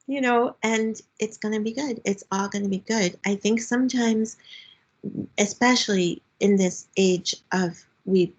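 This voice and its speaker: A woman guest on a talk show, speaking in a warm, encouraging way and laughing softly as she talks. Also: a little high, measured pace, breathy edge, poor audio. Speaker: guest author. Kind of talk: casual faith-based interview chat.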